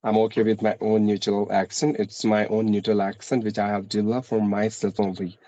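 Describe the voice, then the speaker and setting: A man with a mixed Indian, American and British English accent, speaking in a measured, explanatory way with frequent pauses and restarts in a casual conversation. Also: on the low side, level tone, warm tone, no room sound, rough recording.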